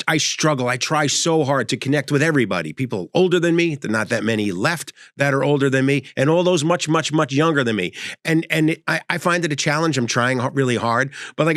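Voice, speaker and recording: A man in his sixties giving a sarcastic, animated comedic monologue as host. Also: a little high, no echo. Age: 60s.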